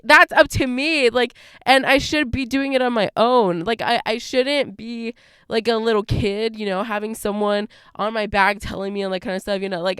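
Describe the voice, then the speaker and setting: A woman's voice: on the high side, fairly bright tone, clear, resonant tone, no room sound. A young adult woman talks through her solo podcast in a loose, rambling way, full of fillers and asides. Her voice comes through very clean and close, with a dry sound and no room around it. Her throat sounds a little scratchy. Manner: rambling, lots of "like" and "you know". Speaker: podcast host. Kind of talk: casual solo podcast monologue.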